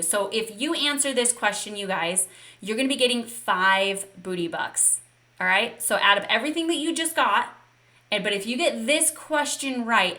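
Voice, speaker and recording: A woman's voice: fairly high pitch, bright, forceful tone. A woman fitness coach leading a live online session, upbeat and encouraging and talking straight to her viewers.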